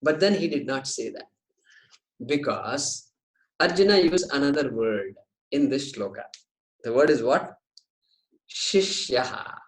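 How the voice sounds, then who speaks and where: A man giving a scripture class, explaining Sanskrit terms slowly and with light jokes. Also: medium pitch, lively intonation, echoey room, low-quality recording. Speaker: Vedanta teacher.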